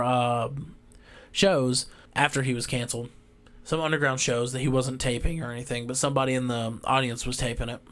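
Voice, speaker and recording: A vlogger with a drawl and a mid-range voice delivers a heated, profanity-filled rant. His monologue swings between loud outbursts and quiet asides.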